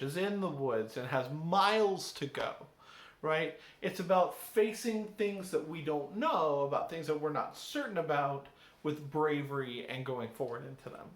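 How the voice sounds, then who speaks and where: A male English teacher reading a poem aloud and explaining it to his class in a conversational way, often checking in with "right?". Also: fairly high pitch. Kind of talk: recorded class lesson on a poem. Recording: roomy echo.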